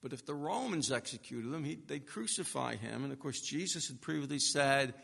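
A man preaching an expository sermon, speaking emphatically and building to forceful peaks. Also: mid-range voice, expressive, moderate pace, gravelly, slightly rough. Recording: long reverb of a large hall.

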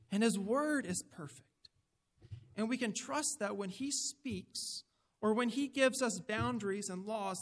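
A man's voice: high voice, measured pace, big-room sound. A man preaching a sermon in an earnest, emphatic way, putting direct questions to his listeners.

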